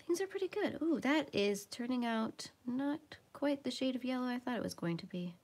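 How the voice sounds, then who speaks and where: A woman hosting a casual livestream from home while she colors. She chats along and sometimes drops into soft murmurs as she works. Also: high voice, expressive, normal speed. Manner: chatty, drifts into soft murmurs while working. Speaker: livestream host.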